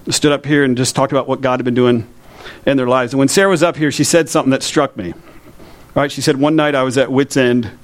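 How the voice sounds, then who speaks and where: A man's voice: mid-range voice, steady tone, fast. A man preaching a sermon to his congregation in a church, in a conversational way, often asking the listeners questions. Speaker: pastor.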